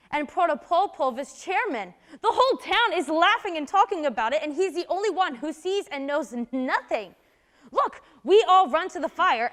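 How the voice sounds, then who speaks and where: Woman playing a despairing young woman, 20s, very high voice, intense. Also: a bit bright. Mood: bitter. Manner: intense, emotional delivery. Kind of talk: amateur stage drama.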